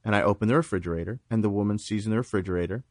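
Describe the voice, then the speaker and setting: A man co-hosting a podcast in casual chat, telling an anecdote with lively acted-out quotes. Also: lowish voice, very fast, dry recording. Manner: animated storytelling, acts out quoted voices. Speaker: podcast co-host.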